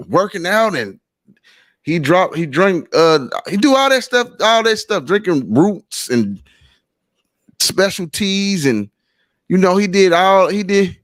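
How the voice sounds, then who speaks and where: A man's voice: a little high, no room sound, studio quality. A middle-aged man, telling a personal story on a podcast in a loose, rambling way. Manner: rambling, repeats himself, loose and conversational. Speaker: podcast host. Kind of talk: casual storytelling chat.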